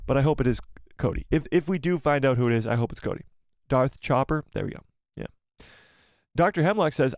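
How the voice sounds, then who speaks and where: Excitable man hosting a live chat. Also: mid-range voice, a little fast, pauses often, dry recording, studio quality. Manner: excitable, reads viewer comments aloud; casual swearing. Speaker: live stream host.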